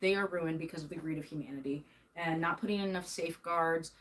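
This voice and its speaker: On her livestream, a young woman streamer does laundry in her bedroom while angrily ranting at her chat, heated and emphatic, with nervous laughs slipping out. Her voice is deep, fairly bright and steady in tone, and she talks quickly. The recording is rough.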